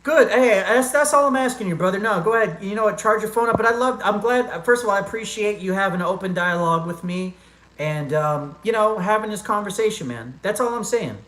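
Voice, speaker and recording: A man's voice: fairly quick, a bit bright. Earnest man in an echoey room. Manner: earnest, talks straight to chatters, calls them brother and man; reads chat comments aloud in a low mumble. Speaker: livestream host answering chat. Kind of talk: casual live Q&A chat.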